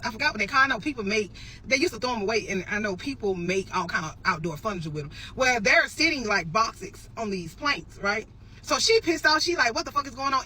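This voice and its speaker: Animated woman telling a story straight to camera. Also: a little high, a little hiss or hum, poor audio. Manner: animated, addresses viewers as y'all, emphatic repetitions. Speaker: storytelling vlogger. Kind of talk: casual storytelling to viewers.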